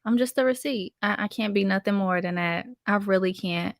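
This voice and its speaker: A woman's voice: mid-range voice, moderate pace, gravelly, no echo, clean studio sound. A woman hosting a casual live-stream commentary, chatting with her viewers and greeting them by name. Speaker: commentary channel host.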